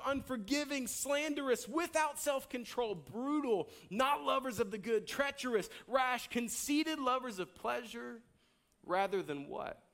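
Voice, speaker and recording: A pastor, preaching a sermon with an emphatic, repetitive cadence that rises to near-shouts. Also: male voice, very high voice.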